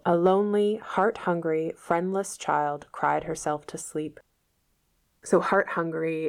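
A woman's voice: sits low, creaky. A woman reading a novel aloud and patiently explaining old words in casual asides, as a teacher.

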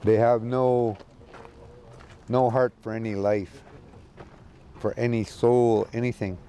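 A man giving a casual, halting spoken report from an outdoor camp, with many restarts. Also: medium pitch, little pitch movement, warm tone, a little hiss or hum. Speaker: community advocate calling in from a camp. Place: outdoor encampment.

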